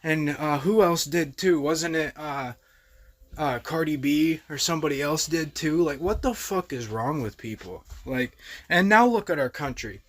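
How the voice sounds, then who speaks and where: A man's voice: fairly high pitch, unhurried, a bit bright. A young man hosting a reaction video, talking in heated, profane, exasperated casual commentary.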